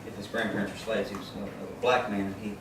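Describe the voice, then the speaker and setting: A man's voice: fairly low pitch, flat delivery, fast talker, background noise. A man chatting casually between songs at a live music session, telling a rambling story and often restarting his phrases. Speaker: singer-songwriter performing live. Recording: echoey room, far from the mic, loud guitar.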